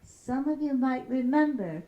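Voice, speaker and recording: A middle-aged woman from Chicago giving a public talk as a peace activist. She tells stories in a measured way and slows down to stress key phrases. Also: high-pitched, expressive, mellow. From Chicago, USA. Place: lecture room. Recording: roomy hall echo.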